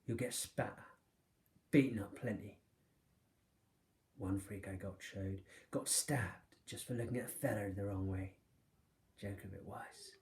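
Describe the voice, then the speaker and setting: A man voicing a brutal scarred male showman who speaks in a cold, gruff, threatening way. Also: lowish voice, a little mellow, reverberant.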